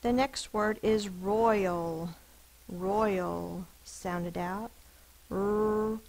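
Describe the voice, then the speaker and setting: A woman teacher giving a phonics spelling lesson, sounding out words slowly and deliberately over a screen recording. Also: mid-range voice, a little mellow, low-quality recording.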